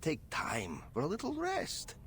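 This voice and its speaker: A man's voice: high voice, wildly swooping pitch, a little slow, a crowd in the background, full character voice. An actor voicing a friendly, fatherly older male circus owner in a game, informal and caring. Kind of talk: game voice acting.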